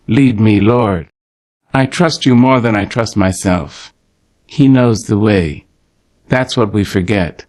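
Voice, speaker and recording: A man delivering a poetic morning prayer in a slow, rhythmic, preacherly manner, speaking tenderly to the listener. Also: on the low side. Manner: tender, pastoral address to the listener. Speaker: prayer narrator.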